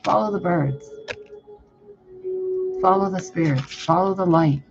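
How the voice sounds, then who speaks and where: A man's voice: high voice, a little slow, creaky. A man giving a casual tarot reading, blunt, profane and exasperated. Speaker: tarot reader. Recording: muffled, with music behind. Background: music.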